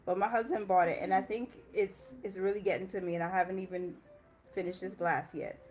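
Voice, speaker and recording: Chatty mom hosting a casual livestream. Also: female voice, medium pitch, fairly even intonation, a little fast, darkish tone. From Indiana, US. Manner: chatty, laughs often, talks back to her kids. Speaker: personal finance channel host.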